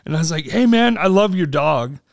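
Animated storytelling man, dry close sound. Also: brisk, vocal fry, no room sound. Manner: animated, acts out quotes with big pitch jumps. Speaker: podcast co-host. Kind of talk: casual storytelling chat.

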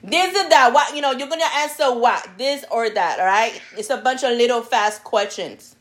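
A woman co-hosting a podcast interviews a guest in a casual, chatty way, laughing often and sometimes slipping in Spanish words. Her voice is on the high side and she speaks at a normal speed.

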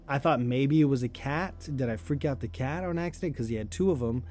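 A man's voice: medium pitch, brisk, a little mellow. A man telling a personal story in a loose, chatty way, full of "like", light laughs and casual swearing. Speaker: storyteller host.

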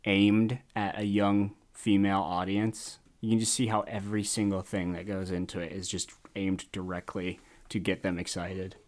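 A young woman chatting casually, animated and profane, often trailing off low before bursting up high. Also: moderate pace, hardly any pauses. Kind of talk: casual chat.

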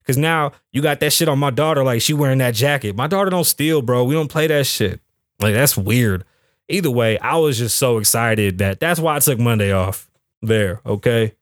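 A man's voice: medium pitch, expressive, fairly quick, no room sound. Profane storytelling man, dry close sound. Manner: profane, boastful, mimics others mid-story. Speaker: podcast host. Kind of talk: animated storytelling rant.

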